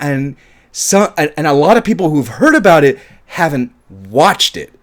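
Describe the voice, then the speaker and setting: A man's voice: fairly high pitch, big pitch swings, takes it slowly. Chatty American man reviewing movies. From California, USA. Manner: chatty, rambling, self-deprecating. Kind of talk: casual unedited video review.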